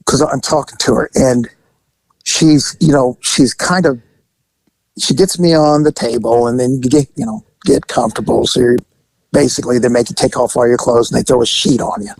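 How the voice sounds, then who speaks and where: A man telling a comic crime story in a rambling, animated way, acting out the people in it. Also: mid-range voice, moderate pace, vocal fry, no room sound, poor audio. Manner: animated, rambling, acts out every line. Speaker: guest storyteller.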